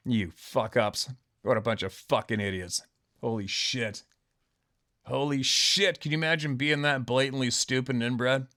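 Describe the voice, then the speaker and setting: A man's voice: mid-range voice, a little slow, pushed and bright. A man hosting his own show, delivering an angry, profane monologue rant full of sarcasm and scorn. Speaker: host.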